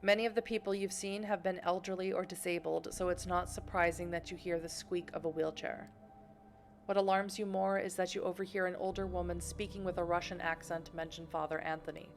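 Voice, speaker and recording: A woman with a fairly low voice reads a story game aloud on a live stream. She moves between narrating the scene and dropping in casual off-the-cuff remarks, with faint music running underneath. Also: steady tone, creaky. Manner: reads the game text aloud, then breaks off with quick asides. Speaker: streamer reading a visual novel aloud.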